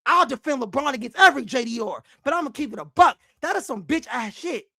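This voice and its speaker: A man hosting a basketball fan show, ranting angrily with heavy profanity and frequent shouting. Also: very high voice, sing-song, fast talker, creaky, no room sound, studio quality. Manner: angry, profane, often shouting. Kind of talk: heated fan rant.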